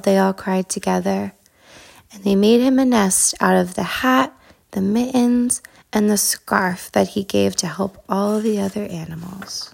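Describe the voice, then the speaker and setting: Gravelly-voiced woman reading a bedtime story. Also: medium pitch, darkish tone. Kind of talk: children's storybook narration.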